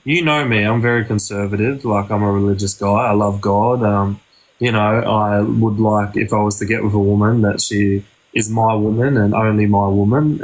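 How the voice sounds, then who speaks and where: Low-voiced laid-back man. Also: rough recording. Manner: earnest, laid-back, uses many fillers. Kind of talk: casual chat.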